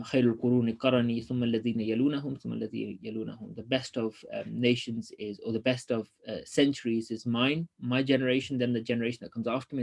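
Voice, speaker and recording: Fast-talking male religious teacher. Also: mid-range voice, vocal fry, a little mellow, husky. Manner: explanatory, reads passages quickly then explains with many ums. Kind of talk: online lesson, reading and explaining a text.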